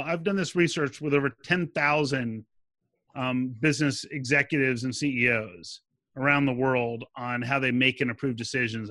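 A man's voice: mid-range voice, no room sound. A man answering interview questions as a sales expert, explaining methods and acting out quoted dialogue. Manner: animated, acts out quoted dialogue.

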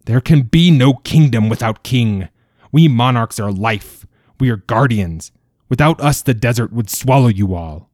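Guy doing an old immortal desert king, proud and hurt, booming angry, dark low voice, dry close sound. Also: lively intonation, normal speed, breathy edge, no echo. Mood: wrathful. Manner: grave, bellowing in anger.

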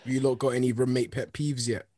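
A man's voice: mid-range voice, level tone, a little fast, mellow. A young man, a podcast co-host, joking with friends in playful slangy talk. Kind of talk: casual banter among friends.

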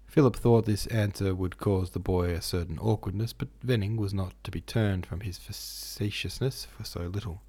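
A man narrating a classic novel in a steady, measured reading. His voice is husky and mellow, sitting on the low side. He hosts the podcast as well as reading. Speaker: audiobook narrator, podcast host. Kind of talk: literary audiobook reading.

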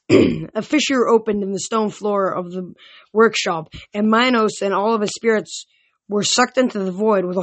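A woman reads a novel aloud in a mid-pitched voice. She stumbles now and then and goes back to restart words. The reading is informal rather than polished. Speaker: reader.

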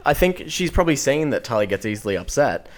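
A mid-pitched man in loose podcast chat reacts to his co-host's recap, swearing casually and jumping in with his own takes. He sometimes breaks into snatches of song. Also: big pitch swings, fast. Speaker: podcast co-host.

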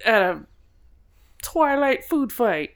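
Speaking slowly in a slightly high voice, a woman co-hosts a casual podcast chat. She swears freely, tells stories with lots of energy, and laughs often.

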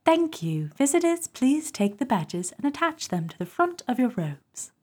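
A woman putting on the cool, smooth voice of a magical phone box announcer, with an attempted British accent. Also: high voice, big pitch swings, moderate pace, a little mellow, pitched above the performer's own voice, exaggerated voice. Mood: cool, formal.

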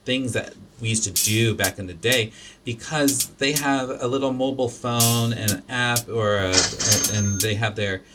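In a mid-range voice at normal speed, a male podcast host talks through his opinions against background noise. His casual, opinionated chat wanders loosely, with plenty of fillers and restarted sentences.

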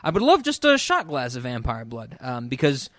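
A man's voice: mid-range voice, wildly swooping pitch, normal speed, a bit bright, dry recording. A man co-hosting a podcast, chatting casually and animatedly, often swearing and acting out quotes. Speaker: podcast co-host. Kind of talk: casual chat.

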